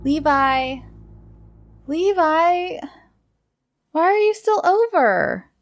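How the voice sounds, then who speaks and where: Woman voicing a bossy kid girl, high and bouncy, a bit gravelly. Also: takes it slowly, a little hiss or hum, full character voice. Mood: alarmed. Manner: teasing, excitable. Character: spirited bossy adventurous young girl.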